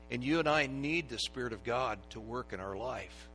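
A middle-aged man, a pastor, preaching a sermon with dynamic swings from hushed to loud and emphatic. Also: medium pitch, lively intonation, moderate pace, hardly any pauses, soft background music. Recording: long reverb of a large hall.

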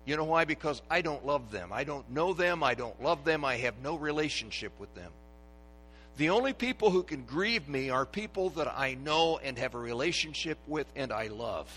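Bright-voiced preacher in a reverberant hall. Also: male voice, fairly high pitch, lively intonation, moderate pace, slight background noise. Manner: dynamic, swinging from hushed to loud and emphatic. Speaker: pastor. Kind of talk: sermon. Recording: long reverb of a large hall.

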